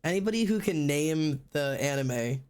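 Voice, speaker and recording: Male streamer, slightly high-pitched, sore throat, keeps it low-key and chatty while drawing. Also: expressive, darkish tone, clear, resonant tone. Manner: chatty, rambling, swears casually; deliberately low-energy delivery. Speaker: livestreamer. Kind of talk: casual livestream chat while drawing.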